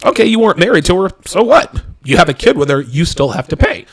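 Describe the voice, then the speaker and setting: Gravelly, lively-voiced man hosting a show. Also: sits high, fast talker. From Miami area. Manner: emphatic, repetitive, rhetorical questions. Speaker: host. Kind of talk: call-in show monologue.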